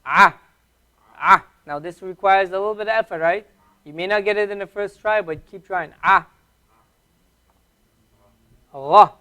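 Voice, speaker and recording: A man teaching a classroom language lesson, patiently drilling letter sounds and repeating each one clearly. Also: sits high, quick pace, fairly bright tone. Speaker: Arabic teacher.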